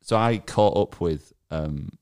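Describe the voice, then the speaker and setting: Deep-voiced young man. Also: slow, darkish tone, smooth. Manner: hesitant, restarts a lot, laughs easily. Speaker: podcast co-host. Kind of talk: casual chat.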